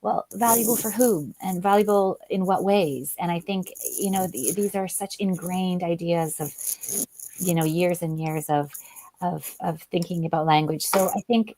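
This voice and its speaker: A woman's voice: fairly low pitch, normal speed, dark tone, rough recording. A woman speaking as an interview guest, thoughtful and full of "you know" fillers. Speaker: guest author and linguist. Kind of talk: interview conversation.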